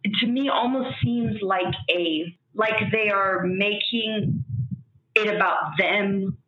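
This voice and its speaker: A young woman speaks in a halting, tearful way, full of fillers and restarts. Her voice carries a roomy echo, and the sound is a bit dull. She sounds caught between anger and sorrow. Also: medium pitch. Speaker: guest sharing grief. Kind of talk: emotional conversation.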